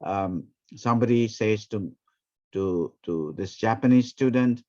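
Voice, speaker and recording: A man, teaching a ministry training session through lively stories and acted-out quotes. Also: on the low side, measured pace. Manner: animated, acts out quoted speech. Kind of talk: storytelling teaching talk. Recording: dull, muffled recording.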